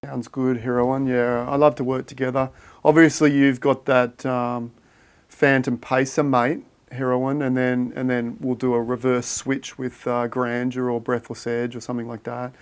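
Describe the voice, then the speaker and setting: A man hosting a casual livestream. He thinks out loud and chats with viewers in a friendly, matey way. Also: medium pitch, level tone, normal speed, smooth. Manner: thinks aloud while reading viewer chat, matey and chatty. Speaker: livestream host.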